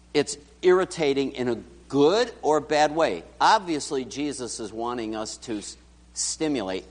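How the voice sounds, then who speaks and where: A man preaching a sermon and often putting questions straight to his congregation. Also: fairly high pitch. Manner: animated, talks directly to the congregation. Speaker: pastor. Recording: church hall reverb.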